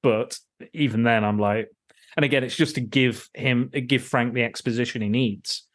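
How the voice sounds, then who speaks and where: A male podcast host in loose, casual film talk, ranting with plenty of swearing. He trips over his words and restarts often. His voice sits at an ordinary middle pitch. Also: steady tone, moderate pace. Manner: ranting, profane, with frequent restarts.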